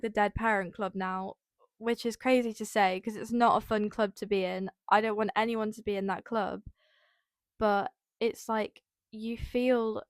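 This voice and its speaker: A woman's voice: fairly high pitch, dry recording, clean studio sound. A young woman, hosting a casual personal podcast, rambling with many fillers and near tears. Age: young adult. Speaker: podcast host.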